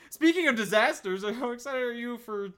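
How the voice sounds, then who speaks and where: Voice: medium pitch, expressive, normal speed, a bit bright, smooth. A podcast co-host in a casual chat who rants animatedly, swears often and laughs a lot.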